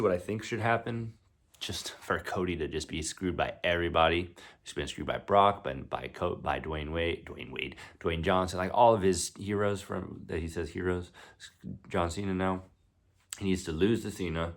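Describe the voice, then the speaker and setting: Casual male vlogger with a low voice, rambling and excitable chatter. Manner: rambling, excitable, laughs easily. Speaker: wrestling vlogger. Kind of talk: casual chat.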